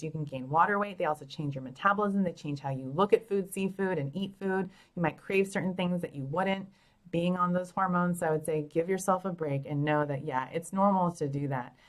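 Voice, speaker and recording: A woman doctor hosts a relaxed live Q&A over her phone, answering viewers one after another. Her voice sits a little low for a woman. She is chatty and frank, and quick to laugh at herself. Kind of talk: casual live Q&A chat.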